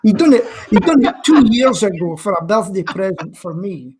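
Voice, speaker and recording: A man's voice: high-pitched, sing-song, moderate pace, a little mellow. A man with a Scottish accent, a guest chatting on a live-stream talk show, cracking jokes and telling stories. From Scotland. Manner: joking, chatty storyteller. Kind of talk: casual chat.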